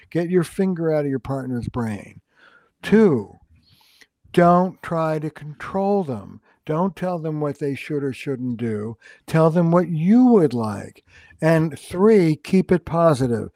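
A man's voice: a little high, slow, dry recording. An older man, a relationship counselor, talking through advice in an interview and acting out the lines he quotes. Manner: animated storyteller who acts out quoted dialogue. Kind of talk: conversational podcast interview.

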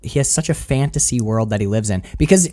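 A man's voice: lowish voice, animated, fast, warm tone. A man animatedly retelling film scenes in a casual chat, acting out quotes and swearing freely.

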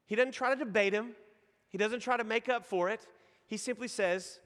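A man's voice: high voice, moderate pace, a bit bright, big-room sound. A man from East Texas with a Texan accent, preaching a sermon in a casual storytelling way and joking with the congregation. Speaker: pastor.

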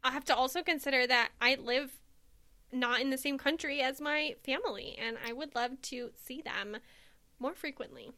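Woman, high bright voice, bubbly, enthusiastic podcast host. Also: normal speed. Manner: bubbly, enthusiastic, laughs often. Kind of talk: casual chat.

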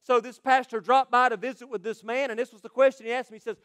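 A male pastor preaching a sermon, swinging between loud proclamations and quiet, quick asides. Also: very high voice, little pitch movement, smooth.

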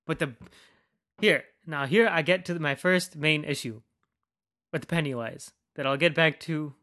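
A man's voice: a little high, measured pace, sharp tone, no echo, clean studio sound. A man hosting a podcast in a casual, rambling rant, swearing freely and filling his speech with "like.". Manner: rambling, profane, heavy use of "like". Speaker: podcast host.

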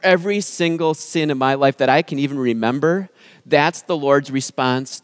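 A pastor giving an earnest sermon, speaking with emphasis and dramatic pauses. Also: male voice, medium pitch, no room sound.

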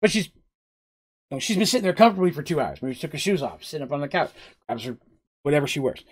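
A man casually retelling a tabletop game story on a live stream, chatty and animated, with asides to his chat. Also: on the high side, fast talker, husky.

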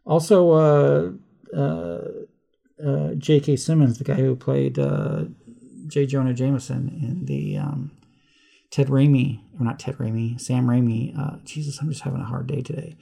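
A man with a mid-range, creaky, mellow voice speaks a little slowly in a steady tone. He co-hosts a movie podcast, rambling through casual chat and tripping over names, then correcting himself when he mixes them up.

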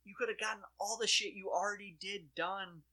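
Bright-voiced man in profane casual chat. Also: sits high, a little fast. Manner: animated, profane, rambling.

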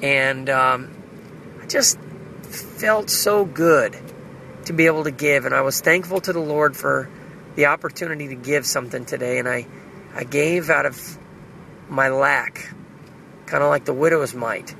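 A man's voice: mid-range voice, a little slow, creaky, long pauses, sharp tone, slight background noise, low-quality recording. A man recording an earnest, reflective spiritual video diary, speaking prayerfully about his faith. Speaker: video diarist. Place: car.

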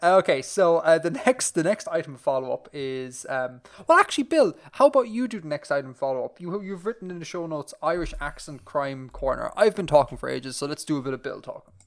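A man's voice: fairly high pitch, expressive, a little fast, few pauses. A man hosting a casual podcast, rambling in a self-mocking way and often laughing. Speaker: podcast host.

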